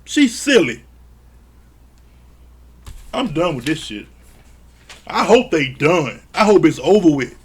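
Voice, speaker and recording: A man's voice: a little high, very animated, slow pace, pauses often, husky. A man recapping a reality show in a casual, blunt and profane way, sounding exasperated. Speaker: show reviewer.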